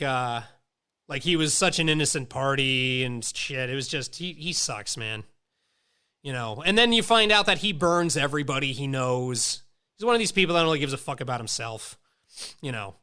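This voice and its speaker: Guy late 30s swearing his way thru old stories, bright clear voice, does all the voices. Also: a little high. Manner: profane, animated, acts out quoted voices. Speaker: podcast host. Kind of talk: casual storytelling chat.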